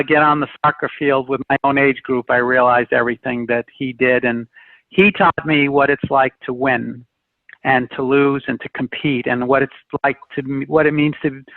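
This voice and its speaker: A man's voice: on the high side, no room sound. Man on a tinny phone line. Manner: earnest, reflective, with frequent fillers. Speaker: interview guest. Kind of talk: casual interview talk.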